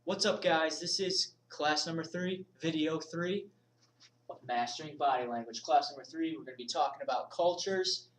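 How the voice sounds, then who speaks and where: A man from the United States teaching a casual video lesson, informal and energetic, moving around and gesturing as he talks. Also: fairly high pitch, normal speed, distant mic, low-quality recording. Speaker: body language instructor.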